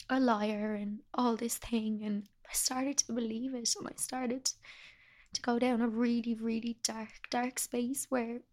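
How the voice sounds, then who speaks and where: A young woman speaking as an interview guest, talking in a soft, halting, confessional way about hard personal times. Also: a little high, vocal fry. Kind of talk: candid personal conversation.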